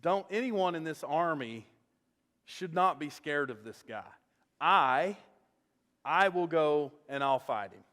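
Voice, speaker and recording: A preacher voicing a bold young shepherd. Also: male voice, fairly high pitch, animated, slow pace, a bit bright, long reverb tail. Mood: earnest. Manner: incredulous, earnest.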